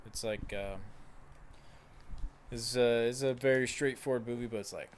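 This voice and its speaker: A man's voice: medium pitch, steady tone, moderate pace, slight background noise. A man in a casual group chat who rambles, restarts his sentences and swears freely.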